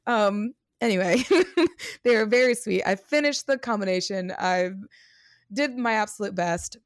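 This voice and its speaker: A woman performer chatting as a guest, telling a story with lots of animation and frequent laughter. Her voice sits at a middling pitch and is recorded dry and close, with no room sound. She fills her talk with casual fillers and restarts. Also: measured pace, no echo.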